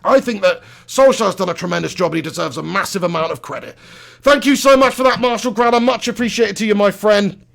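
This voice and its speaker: A man's voice: high voice, fairly quick, creaky, a bit bright. A man hosting a football live stream from a small home studio, talking passionately, swearing freely and reading out viewer messages. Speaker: live-stream host reacting to a football match. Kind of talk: live-stream chat and fan rant.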